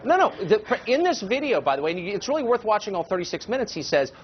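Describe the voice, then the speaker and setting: A man's voice: high voice, sing-song, fast talker. A man arguing his point insistently as a guest in a heated cable news debate. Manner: insistent, emphatic, argumentative. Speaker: political commentator guest. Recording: slightly dull broadcast audio with faint noise.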